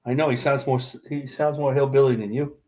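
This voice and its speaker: A man's voice: medium pitch, steady tone, brisk, warm tone. A man from New York, chatting easily and laughing along on a drawing stream. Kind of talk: casual chat on a drawing stream.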